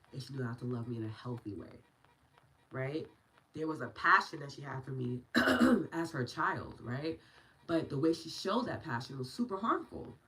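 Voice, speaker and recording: A woman in her thirties hosts a meditation and EFT livestream, casually chatting, affirming viewers and answering their comments by name. Her voice rumbles low with a fairly bright tone, and the recording is rough.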